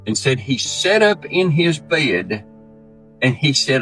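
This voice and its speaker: A man's voice: medium pitch, a little slow, soft background music. Folksy man telling a story. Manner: folksy, animated, acts out quoted voices. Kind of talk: casual spoken storytelling.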